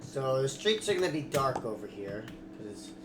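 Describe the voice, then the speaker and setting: Hosting a Minecraft server, a man gives loose, casual commentary while building in the game, swearing when frustrated and then apologizing. His mid-range voice is sing-song at normal speed, recorded in an echoey room with loud background music and background noise.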